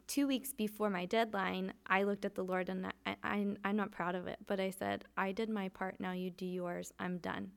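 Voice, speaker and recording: A woman with a gravelly, fry-tinged voice tells her personal testimony in an earnest, conversational way. She often restarts her sentences and fills pauses as she speaks. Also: mid-range voice. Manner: earnest, emotional, frequent fillers and restarts. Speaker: guest sharing testimony. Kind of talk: candid conversational storytelling.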